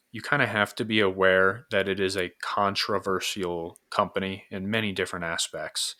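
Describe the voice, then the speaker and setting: A man with a New York accent hosts a casual podcast and asks long, probing questions. His voice sits low and carries a forceful, bright edge. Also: steady tone, moderate pace, hardly any pauses. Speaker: podcast host.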